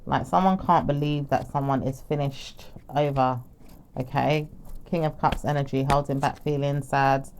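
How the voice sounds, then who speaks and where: A woman's voice: rumbling low, steady tone, moderate pace, background noise. A woman delivers a solo tarot reading in a loose, rambling way. She slips into the first person to speak the messages she reads from the cards, then drifts back to addressing her listeners. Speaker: tarot reader.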